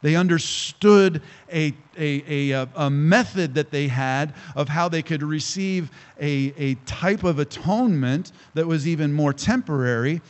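A male pastor preaching a sermon to a congregation, emphatic and slowing down to stress key phrases. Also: a little high. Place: church hall with congregation.

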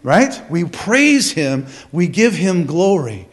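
A man preaching a sermon as pastor, emphatic, with rhetorical questions, swinging from loud to hushed. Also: high voice, sing-song, slow.

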